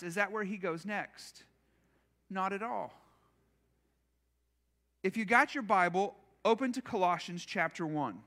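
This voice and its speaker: A man's voice: high-pitched, expressive, moderate pace, pushed and bright. A man preaching a conversational sermon as pastor in a church, casual and self-deprecating, acting out imagined quotes.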